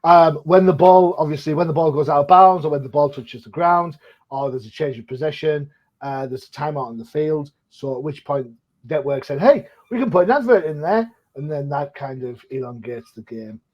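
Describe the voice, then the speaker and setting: A man's voice: a little high, fairly even intonation, moderate pace. An older man hosting a podcast, talking casually and joking at his own expense, with plenty of fillers. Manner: chatty and self-deprecating, many fillers. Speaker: podcast host. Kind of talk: casual chat. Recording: dull lo-fi sound.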